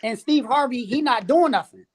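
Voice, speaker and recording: Animated Philly guy telling ref stories. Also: very high voice, moderate pace, a crowd in the background. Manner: animated, exasperated, laughing through stories. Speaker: referee, podcast guest. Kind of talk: casual storytelling chat.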